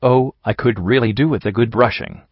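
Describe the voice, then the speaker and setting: A man's voice: mid-range voice, a little fast, husky, dry recording, lightly acted. A man voicing an anxious, self-conscious young female pony who speaks hesitantly, in a dry, slightly dull recording. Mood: nervous. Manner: nervous, hesitant.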